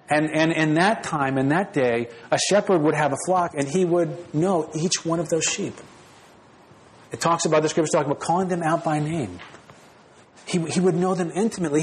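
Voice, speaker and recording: A man's voice: on the high side, low-quality recording. A man preaching a sermon in an earnest, personal way, repeating phrases and restarting now and then. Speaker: pastor.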